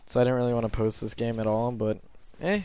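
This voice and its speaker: Late at night in bed, a young man rambles through self-conscious gameplay commentary, filling the gaps with lots of ums. His mid-range voice is dark, clear, and resonant, with no room sound at all.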